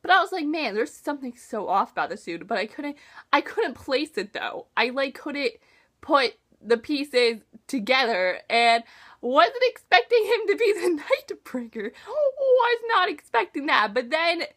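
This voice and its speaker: Gushing young woman with a lively high voice. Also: a little slow. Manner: gushing, emotional, slangy. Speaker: book reviewer. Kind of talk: casual book talk vlog.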